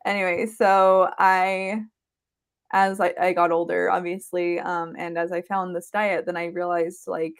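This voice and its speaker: Chatty woman host with a lowish voice. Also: level tone, unhurried, vocal fry. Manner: chatty, laughs often. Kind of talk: casual live show chat.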